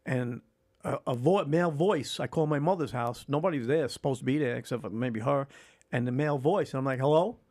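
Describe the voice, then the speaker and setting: A man's voice: medium pitch, brisk. Older man telling his story with feeling. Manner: animated, acts out remembered dialogue; emotional, swears freely. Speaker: podcast guest. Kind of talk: candid storytelling interview.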